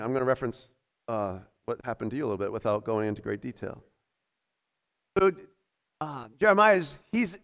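A middle-aged man preaching a sermon in a church, animated, often laughing and acting out other people's voices. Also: high voice. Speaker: pastor.

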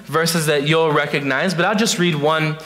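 Earnest youth pastor in a reverberant church. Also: male voice, on the high side, steady tone, normal speed, fairly bright tone. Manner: earnest, repeats points, many fillers. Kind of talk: evening church talk. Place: church sanctuary. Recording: long church hall reverb.

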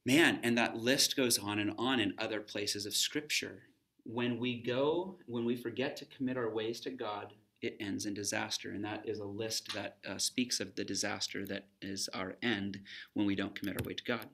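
A man's voice: lowish voice, fairly even intonation, moderate pace, gravelly, a bit bright. A man teaching a recorded Bible lesson for students, talking in a conversational way and stopping to pose questions.

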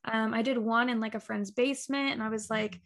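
Chatty woman telling a story, high voice. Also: a little fast. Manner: animated storyteller, acts out quoted dialogue, laughs often. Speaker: guest, talk show creator. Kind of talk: casual interview chat.

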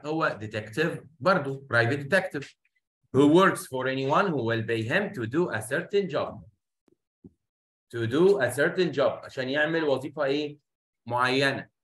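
A man's voice: fairly high pitch, sharp tone. A man with an Egyptian Arabic accent teaching an English lesson, explaining a story in Arabic and mixing in English words. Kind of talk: classroom lesson explaining a reader.

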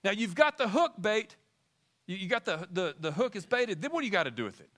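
A man preaching to his congregation, keeping them involved with question after question. His voice sits high and bright, and it rises and falls widely as he goes. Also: big pitch swings, a little fast. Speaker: pastor. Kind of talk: sermon. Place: church sanctuary.

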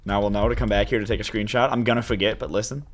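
Young guy rambling excitedly while he plays a game, desk mic, typing in the background. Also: lowish voice, very fast, slight background noise. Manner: chatty, excitable, talks to viewers as "you guys". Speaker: gaming YouTuber. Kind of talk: casual let's-play commentary.

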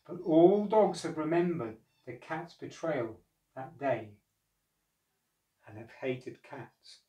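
Slow, expressive male storyteller. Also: on the high side, highs cut off. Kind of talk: storybook narration. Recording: echoey room, far from mic.

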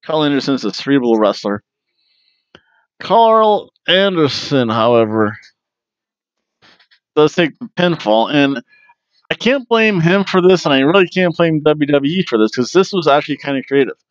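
A man's voice: fairly high pitch, very animated, moderate pace, pauses often, no echo, dull audio. A man hosting a wrestling review podcast, talking casually and jokily, with plenty of fillers and restarts. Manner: rambling and jokey, with many fillers and restarts.

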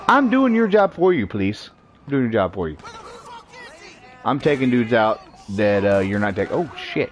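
Playful male game streamer with a lively voice. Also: fairly low pitch, slight background noise. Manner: playful, taunting enemies, mock-offended. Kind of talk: live gameplay commentary.

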